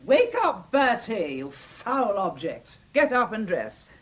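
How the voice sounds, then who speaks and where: An actress playing a bossy, brusque older aunt in a radio comedy drama, commanding and tart with insults. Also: female voice, mid-range voice, big pitch swings, slow pace, breathy edge, exaggerated voice.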